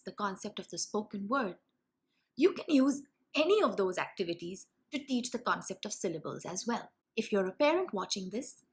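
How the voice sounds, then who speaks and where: A young woman hosting a reading lesson video, explaining clearly and sounding out demonstration words slowly. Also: medium pitch. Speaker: teacher and channel host. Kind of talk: instructional video for parents and teachers.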